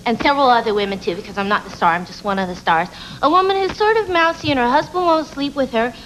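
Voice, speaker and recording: High-voiced chatty woman on a talk show. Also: a bit bright, poor audio. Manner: chatty, rambling, self-mocking. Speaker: actress guest.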